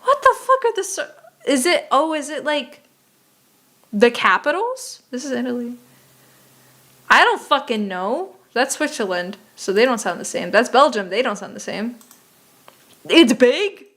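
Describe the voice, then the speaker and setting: A young woman talks her way through a map game on stream, her voice a touch high and her pace slow and drawn out. She swears freely and mutters in exasperation. Her tone stays casual and chatty. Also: lively intonation, fairly bright tone. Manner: profane, exasperated muttering while playing.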